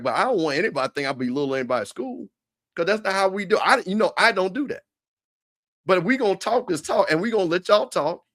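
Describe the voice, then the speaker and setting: A man co-hosting a sports talk stream, teasing rivals in an animated, repetitive way. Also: high voice. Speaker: show co-host. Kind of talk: casual trash-talk commentary.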